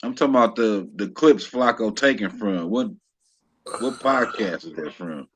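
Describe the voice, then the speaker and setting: Man co-host, husky voice, halting delivery. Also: fairly low pitch. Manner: hesitant, measured, trailing off. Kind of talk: casual podcast talk.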